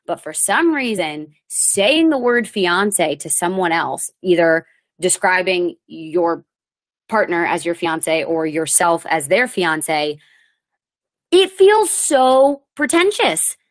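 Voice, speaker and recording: A thirty-year-old woman and comedian hosting her podcast, chatting casually with a rambling, self-mocking manner and sudden animated bursts. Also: fairly low pitch, slow pace. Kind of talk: casual solo chat. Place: lives in New York.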